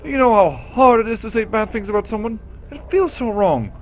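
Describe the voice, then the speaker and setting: A man voicing a sweet, timid young woman who is gentle and giggly, speaking in a breathless, pleading way. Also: sits high, big pitch swings, brisk, slight background noise, pitched above the performer's own voice.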